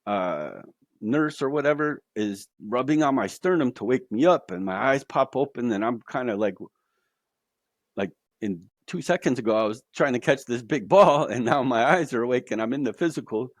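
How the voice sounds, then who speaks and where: A man guest on a podcast telling his own story in a casual, animated way, tossing in slang like "bro.". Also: mid-range voice, moderate pace, no room sound, studio quality.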